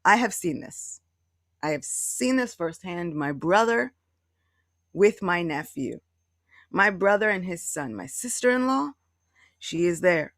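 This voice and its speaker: A woman gives a devotional talk on a video call, and a gravelly fry runs under her voice. She tells stories along the way and acts out what people say. The sound is dry and close, with no room around it. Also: lowish voice, big pitch swings, a little slow, pauses often, no room sound. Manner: storytelling, with acted-out quotes. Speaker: devotional class teacher.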